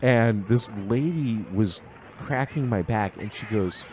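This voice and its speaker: A middle-aged man telling comic stories on a podcast, laughing often and sinking low and quiet in the middle of a tale. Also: takes it slowly. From Southern California. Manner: animated, laughs often, drops low and quiet mid-story. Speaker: podcast co-host. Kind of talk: casual comedic storytelling. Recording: faint background noise.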